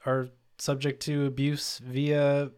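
A man with a mid-range voice co-hosts a casual podcast. He runs through a mock performance review with a dry, deadpan, mock-official delivery. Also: medium pitch, slow pace, smooth. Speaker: podcast co-host.

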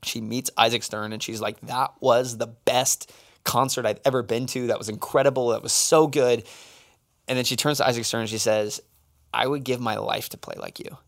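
A man's voice: medium pitch, moderate pace, gravelly. A middle-aged man co-hosting a casual faith-based conversation, his voice sitting in an ordinary middle register. He tells stories with energy and slips into little acted-out voices for the people he quotes. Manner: animated storyteller, acts out quotes. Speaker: podcast co-host.

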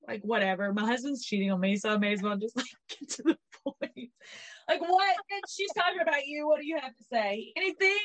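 Woman co-host, lively gossip talk, slightly high voice, dry studio sound. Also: dry recording, poor audio. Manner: animated, swearing, acts out quotes in voices. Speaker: podcast co-host. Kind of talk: casual gossip chat.

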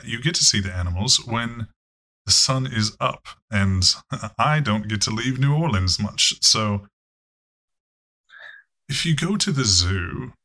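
A man's voice: lowish voice, bright, forceful tone, heavily acted. A man voicing a confused, rambling older man who stammers and talks ponderously.

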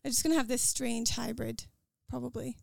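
A woman's voice: a little high, fairly even intonation, gravelly, no room sound. American woman with a Scottish lilt. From United States. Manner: quick, earnest, with many fillers and restarts. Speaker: podcast guest. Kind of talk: casual conversational interview.

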